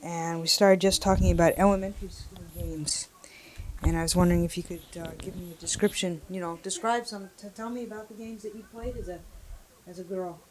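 A woman's voice: fairly low pitch, steady tone, brisk, darkish tone, rough recording. A woman conducting an interview, asking patient, curious follow-up questions. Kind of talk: oral history interview.

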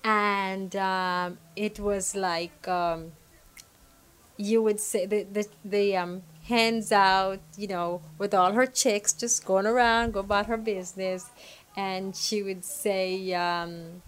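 A Jamaican woman being interviewed, talking with lots of fillers and pauses, breaking into lively, sing-song bits as she acts out a game. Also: mid-range voice, clear, resonant tone. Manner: hesitant, many fillers, animated when acting out the game. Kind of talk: oral history interview.

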